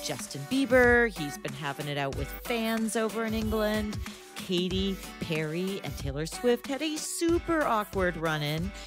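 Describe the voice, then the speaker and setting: A woman's voice: mid-range voice, expressive, measured pace, over music. A middle-aged woman hosting a celebrity news podcast in a studio, bubbly and enthusiastic. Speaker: podcast host. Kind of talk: casual chat.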